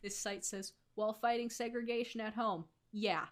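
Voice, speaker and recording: A woman co-hosting a casual podcast, chatty and quick to laugh, thinking aloud as she browses. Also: on the high side, steady tone. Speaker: podcast co-host.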